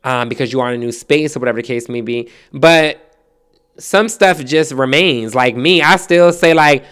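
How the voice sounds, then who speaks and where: Man, New Jersey accent, smooth resonant voice, podcast host, casual storytelling, profane and laughing. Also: medium pitch, moderate pace. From Trenton, New Jersey. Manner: animated, profane, laughs often, mimics accents.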